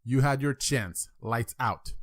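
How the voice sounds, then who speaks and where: A man's voice: mid-range voice, slow, natural voice. A man with a French accent voicing a stern, tired father in a told joke. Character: stern tired father putting son to bed.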